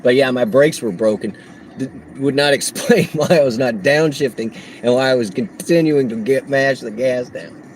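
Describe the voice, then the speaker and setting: A man livestreaming on the road as a delivery driver, telling a story in a casual, animated way and laughing often. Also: mid-range voice, moderate pace, slight background noise, poor audio.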